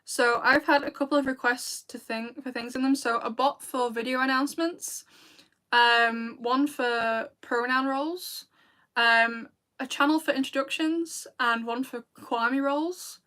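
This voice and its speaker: A British woman's voice sits high and sounds bright and clear as she chats to her livestream viewers. She rambles through her thoughts and breaks into laughs often. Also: a little slow. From Britain. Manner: chatty and rambling, with frequent laughs. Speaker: video creator and streamer. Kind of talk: casual livestream chat with viewers.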